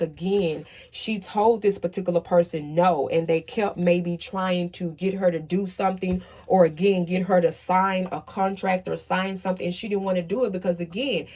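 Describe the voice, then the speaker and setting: A woman's voice: lowish voice, darkish tone. A woman giving a casual tarot reading, talking emphatically and asking "okay?" after nearly every point. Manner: emphatic, repeats "okay?" often, swears when worked up. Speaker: tarot reader.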